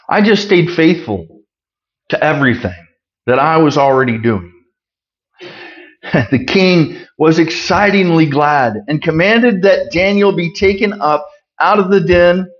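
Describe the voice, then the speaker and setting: A man's voice: fairly high pitch, animated, measured pace. A man teaching a sermon on a Bible passage, reading scripture aloud and explaining it in a plain, conversational way with emphatic asides. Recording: muffled lo-fi recording.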